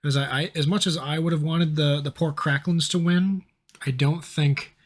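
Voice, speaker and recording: A man with a slightly higher voice streams and chats loosely, dropping curses and quick asides as he reacts. His tone is casual and conversational throughout. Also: fairly even intonation. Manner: chatty, swearing, quick asides.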